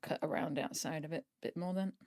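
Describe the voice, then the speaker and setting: Woman streamer, chatty self-talk, mild swearing, slightly low voice, dry close mic. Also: fast talker, darkish tone, no echo. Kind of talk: casual chat while sewing on a live stream.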